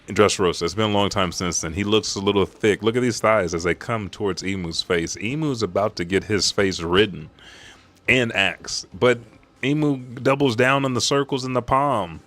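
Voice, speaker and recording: A man with a fairly low voice excitedly recaps a comic chapter for a live audience. He swears freely and narrates the fights with gusto. Every so often he leaps into loud, high-pitched shouts to voice the characters. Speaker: host of a live chapter read.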